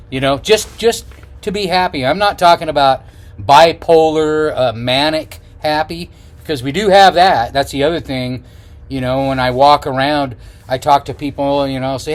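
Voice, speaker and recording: A man's voice: a little high, normal speed. A middle-aged man chatting casually to camera outdoors as a travel vlogger, rambling with many fillers and restarts. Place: outdoors on the road.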